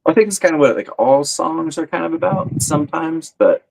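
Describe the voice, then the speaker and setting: A man, a musician guest in a casual interview, talking haltingly and repeating words. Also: a little high, creaky, darkish tone, rough recording.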